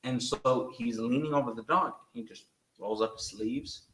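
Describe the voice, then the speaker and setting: A man from Oklahoma with a slight Southern accent, chatting casually as a show host in a profane, excitable, teasing way. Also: medium pitch, moderate pace, a little hiss or hum. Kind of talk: casual chat. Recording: echoey room.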